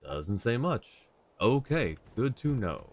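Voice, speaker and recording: A man's voice: mid-range voice, big pitch swings, takes it slowly, slight background noise. A man streaming a video game live, giving chatty, rambling commentary and laughing often.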